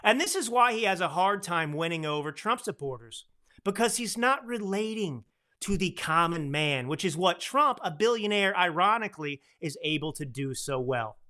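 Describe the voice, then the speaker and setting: A man's voice: sits high, animated, normal speed, bright, forceful tone. A man in his thirties hosting a political commentary podcast, talking emphatically and checking in with his producer. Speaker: podcast host.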